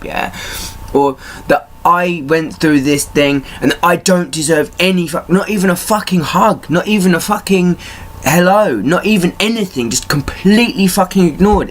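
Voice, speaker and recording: A man's voice: a little high, lively intonation, unhurried. A man in pain venting in a personal vlog, angry and swearing, his rants rising in heat. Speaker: vlogger.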